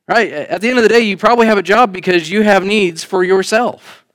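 A man delivers a sermon from the front of a church. His voice sits a little high for a man. He swings between raised, emphatic lines and quiet, chatty asides to the congregation. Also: a little fast. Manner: conversational preaching, rising emphatic then quiet asides. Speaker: pastor. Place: church sanctuary.

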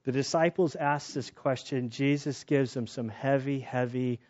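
A man preaching a sermon in a casual, conversational way, telling personal stories and getting animated when excited. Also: mid-range voice, a little slow, muffled recording. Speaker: pastor.

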